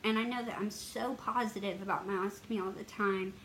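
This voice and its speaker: A woman's voice: medium pitch, fairly even intonation, a little fast, a bit bright, low-quality recording. A woman talks straight to her viewers, open and emotional as she tells a painful personal story. Her voice sits in a middle range. A faint hiss of background noise runs under her words. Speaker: health advocacy vlogger.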